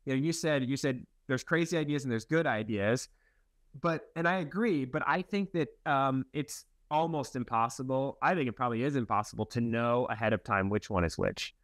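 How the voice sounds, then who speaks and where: A young man, a guest in an interview, telling stories in a relaxed, rambling and self-deprecating way, laughing now and then. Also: medium pitch, moderate pace, dry recording. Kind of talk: casual interview storytelling.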